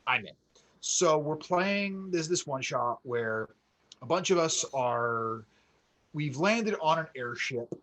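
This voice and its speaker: Male podcast co-host, animated storyteller, high-ish voice that swings widely. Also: takes it slowly, poor audio. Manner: animated storyteller, acts out quotes with rising excitement. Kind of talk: casual storytelling chat.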